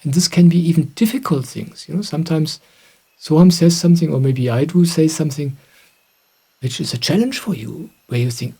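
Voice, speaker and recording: A middle-aged man, a spiritual teacher, calmly answering questions in a gentle, reflective way. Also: a little high, moderate pace, breathy edge. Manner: gentle, reflective, soft-spoken. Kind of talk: calm satsang answering questions.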